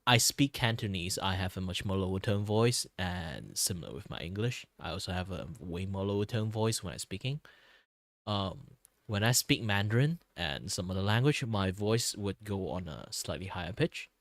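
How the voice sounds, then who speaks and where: A man's voice: low-pitched, no echo, studio quality. A man streaming as a VTuber, chatting casually in a worn, tired voice, rambling with fillers and little chuckles. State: voice worn and tired from talking a lot. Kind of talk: casual chat with stream viewers.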